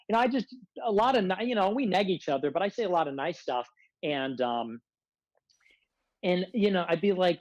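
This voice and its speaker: A man with a fairly high voice, talking as a guest on a podcast. He rambles through a long, aggrieved complaint and stuffs "like" between almost every phrase. The sound is close and dry. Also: expressive, normal speed, no room sound, rough recording. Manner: rambling aggrieved rant, heavy use of filler "like". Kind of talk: casual podcast conversation.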